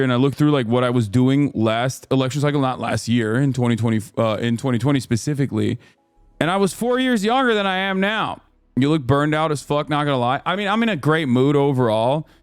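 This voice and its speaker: A man in his thirties hosts a livestream, chatting casually and rambling with plenty of swearing. He often drops into mock announcer openings. His smooth, clear voice is recorded dry and close. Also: medium pitch, no echo. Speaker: livestream host.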